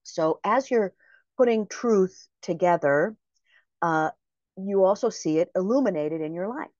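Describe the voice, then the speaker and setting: Woman doing a motivational talk, slow and deliberate, repeats herself, dry muffled sound. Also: on the low side, expressive, a little mellow, no echo. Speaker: prosperity mindset speaker. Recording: dry, slightly muffled recording.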